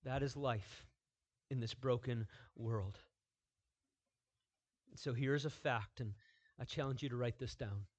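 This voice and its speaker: A man's voice: mid-range voice, takes it slowly, long pauses. Emphatic man preaching a sermon. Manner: emphatic preaching that swings from quiet to loud, repeating phrases. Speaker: pastor.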